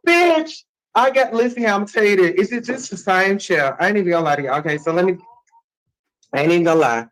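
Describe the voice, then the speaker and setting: A woman vlogger telling stories in a casual, profane rant that bursts into shouting. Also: mid-range voice, lively intonation, fast, low-quality recording.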